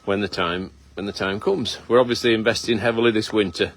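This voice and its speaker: A man's voice: lowish voice, steady tone, brisk, fairly bright tone, slight background noise. A middle-aged man, hosting a casual live walkabout outdoors on his farm, chatty and teasing with lots of fillers, filmed on a phone. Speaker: farmer and host. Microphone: phone camera held by someone nearby.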